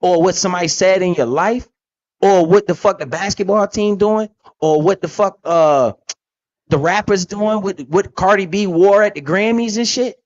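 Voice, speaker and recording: A man's voice: sits high, moderate pace, dull audio. A man hosting a casual, profane talk about investing, blunt and emphatic with lots of slang. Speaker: podcast host.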